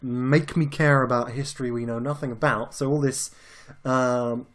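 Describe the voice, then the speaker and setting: At a moderate pace with fairly even intonation and medium pitch, the British podcast co-host chats about films in a relaxed, rambling way, swearing from time to time.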